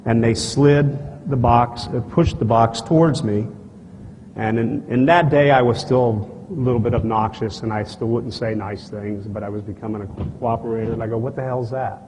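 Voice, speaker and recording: A man's voice: mid-range voice, moderate pace. Man telling a story in an echoey hall. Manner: animated storyteller who acts out dialogue and gestures; blunt and folksy, with frequent asides to the audience. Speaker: speaker at a conference. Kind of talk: live lecture, personal storytelling. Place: stage in a large conference hall. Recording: archival talk, echoey hall, faint noise.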